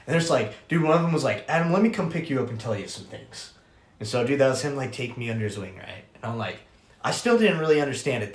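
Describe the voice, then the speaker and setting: Animated young man telling a story. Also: medium pitch. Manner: animated, profane, acts out quoted voices. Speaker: podcast host. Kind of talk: casual storytelling. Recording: roomy echo.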